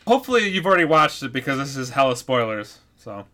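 A man's voice: medium pitch, big pitch swings, quick pace, sharp tone. A man hosting a casual podcast chat, easygoing, giving brief replies and steering the talk. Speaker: podcast host.

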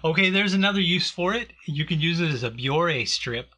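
A man's voice: fairly high pitch, animated, normal speed, bright, forceful tone. A man hosting a casual, joking chat with a co-host, laughing often.

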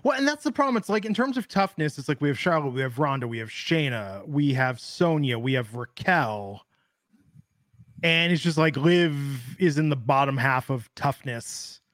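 A man's voice: a little high, animated, moderate pace, fairly bright tone, dry recording, clean studio sound. A man co-hosting a casual wrestling talk show, chatty and opinionated, rambling with lots of filler words. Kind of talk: casual podcast chat.

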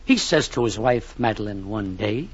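A man's voice: fairly low pitch, animated, moderate pace, husky. A man narrating a 1940s radio comedy in a mock-pompous, long-winded way, full of grand phrasing. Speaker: comic narrator. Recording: dull old radio recording.

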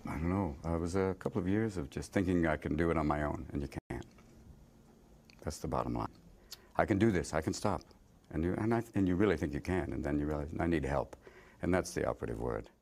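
A man's voice: a bass voice, creaky. A man in his fifties, a comedian joking and reflecting in interview and stand-up clips. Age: 50s. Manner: joking, animated, slips into quick character voices.

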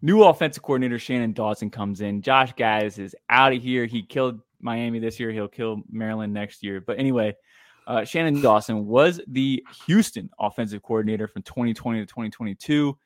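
A man's voice: mid-range voice, fairly quick, no echo, clean studio sound. A man co-hosting a casual fantasy football podcast, talking loosely with lots of fillers and blunt opinions. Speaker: podcast co-host.

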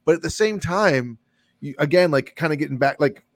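A man in a casual film-discussion chat, talking in animated run-on sentences full of "like" and swearing. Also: on the high side, brisk, no room sound. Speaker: podcast co-host discussing a film.

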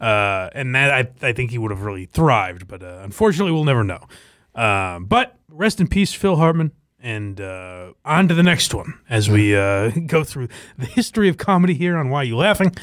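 Brief: male podcast host, forties, loose chatty delivery, lively pitch, dead-dry mic. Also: moderate pace, dry recording. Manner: rambling, laughing, many fillers. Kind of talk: casual podcast chat.

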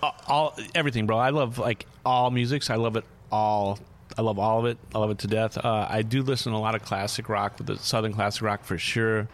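A man in his forties, a guest artist, telling stories in a profane, rambling, animated way. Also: lowish voice, a little fast. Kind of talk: casual storytelling.

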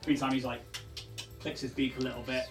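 A man's voice: medium pitch, flat delivery, a little fast, roomy sound, far from the mic, over music. A man narrating as game master in loose, descriptive talk with many fillers.

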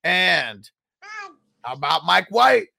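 A man hosting a casual football podcast, his voice high and bright with a gravelly fry. He banters in loose slang and laughs easily between points. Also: sing-song, slow. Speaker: podcast host. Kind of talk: casual sports podcast chat.

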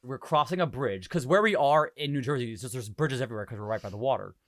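A man's voice: medium pitch, fast, no echo, studio quality. A young man from Hawaii hosting a casual podcast, telling a story in a jokey, profane way. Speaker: podcast host.

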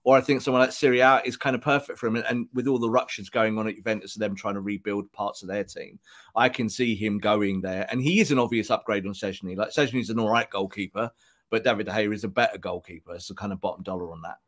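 A man co-hosting a casual football podcast, talking on a microphone and often putting on quick voices for imagined remarks. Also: on the low side, steady tone, fairly bright tone. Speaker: podcast co-host.

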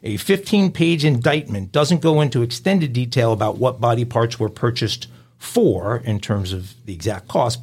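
A man co-hosting a crime news podcast, reading headlines and quotes aloud and adding wry, deadpan remarks. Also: mid-range voice, slightly rough. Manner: wry, deadpan commentary between quoted passages. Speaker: podcast co-host.

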